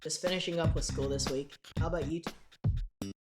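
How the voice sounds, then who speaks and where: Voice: medium pitch, fairly even intonation, normal speed, close to an everyday voice. A streamer voicing a nervous fifteen-year-old kid in a game, talking timidly over game music. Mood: timid, eager. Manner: timid, hesitant.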